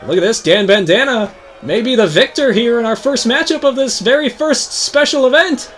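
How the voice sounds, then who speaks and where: A young man with a very high voice calls a wrestling match like a TV announcer, hyped and dramatic, climbing to shouts on the big moves. A faint hum of ambience sits under his voice. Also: moderate pace. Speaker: host. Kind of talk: mock wrestling play-by-play commentary.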